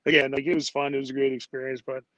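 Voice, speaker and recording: A man's voice: medium pitch, little pitch movement, very fast, fairly bright tone, dull audio, a little hiss or hum. A man, a former hockey player, telling rambling casual stories with lots of "like" and "you know" fillers. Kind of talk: casual storytelling interview.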